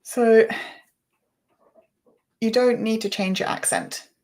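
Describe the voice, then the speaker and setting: A woman teacher explaining pronunciation in a patient, measured way as a guest in a conversation. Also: a little high, fairly even intonation, darkish tone. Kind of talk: explanatory chat.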